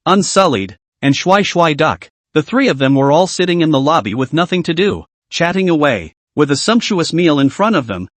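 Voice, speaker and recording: Man, narrator, comic story recap, read aloud, animated pitch, dry close sound. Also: moderate pace, few pauses, no echo.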